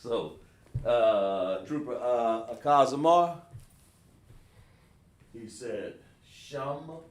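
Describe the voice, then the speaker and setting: A man teaches a live online class, patient and drilling each sound slowly through repetition. His voice sits in a middle pitch. He is heard from some distance in an echoey room. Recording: echoey room, far from the mic.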